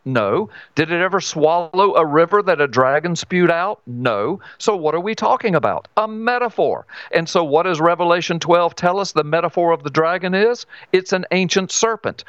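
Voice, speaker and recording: A man's voice: fairly high pitch, a bit bright, no room sound, muffled recording. A man teaching scripture as a radio guest, emphatic, asking and answering his own questions. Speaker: guest author. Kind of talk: Bible teaching on talk radio.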